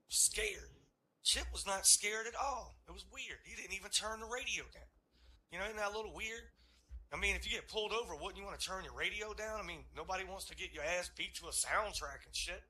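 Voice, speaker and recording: A man doing a stand-up comedy set, telling a story in an animated, profane way and chuckling through his lines. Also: high-pitched.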